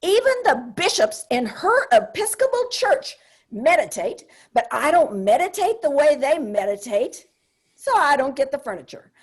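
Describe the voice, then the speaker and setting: A woman's voice: sits high, sing-song, moderate pace. An older woman performing a comedic solo stage monologue, wry and confiding, with punchy asides.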